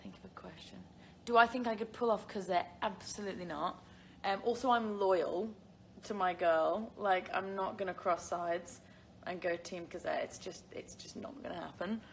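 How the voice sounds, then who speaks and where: During a casual phone livestream, a young English actress reads out fans' questions and chats, laughing a lot and using filler words. She has a medium pitch and a steady tone at normal speed, with a little hiss or hum present.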